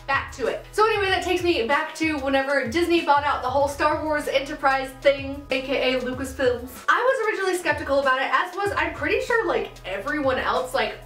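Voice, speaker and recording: A woman's voice: high-pitched, lively intonation, a little fast, hardly any pauses, a bit bright. A young woman vlogging in casual chat to camera, giggling often and filling her talk with "like" and "um". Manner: chatty, giggly, many fillers. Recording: echoey room, mic at a distance, music underneath.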